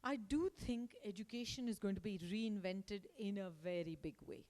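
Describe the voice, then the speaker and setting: A woman's voice: medium pitch, normal speed. A woman giving an emphatic motivational talk to school staff as a guest speaker. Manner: emphatic, acts out quotes in lively voices. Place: school hall. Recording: long hall reverb.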